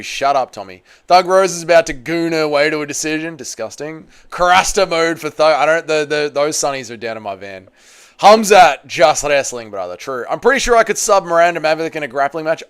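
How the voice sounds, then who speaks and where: A man's voice: a little high, lively intonation, a little fast, fairly bright tone, clean tone. A man hosting a casual livestream, reading out chat messages and answering with crude, teasing banter. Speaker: livestream host.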